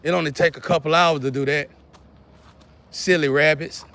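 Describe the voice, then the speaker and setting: A man, lecturing and scolding his viewers in a preachy monologue, often clearing his throat. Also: a little high, steady tone, moderate pace, pushed and bright. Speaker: vlogger.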